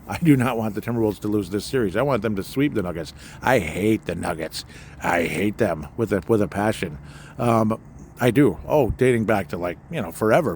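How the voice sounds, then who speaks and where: His voice is on the low side and a little mellow: a Minnesota man hosting a solo sports podcast by a fire pit at night. He rambles with sarcasm and plenty of fillers, while faint outdoor sounds linger behind him.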